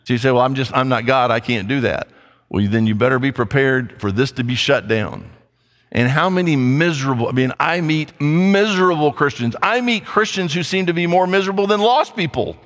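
A man's voice: mid-range voice, brisk, a bit bright. A male pastor preaching a sermon in a blunt, conversational way, with playful asides. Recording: long hall reverb.

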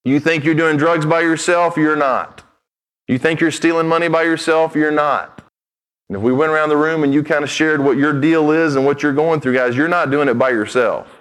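A male pastor delivering a sermon in a direct, emphatic way. He moves between reading scripture and speaking plainly to his listeners. His voice sits a little higher than most men's. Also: fairly even intonation, fairly quick, few pauses, clean tone, rough recording. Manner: direct, emphatic preaching with conversational asides.

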